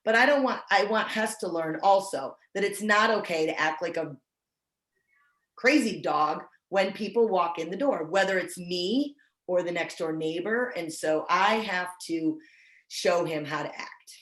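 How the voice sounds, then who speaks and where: A woman's voice: on the low side, a little slow, a bit bright, roomy sound, low-quality recording. A woman training service dog owners over a video call, chatty and self-deprecating, often restarting her sentences. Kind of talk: casual online training talk.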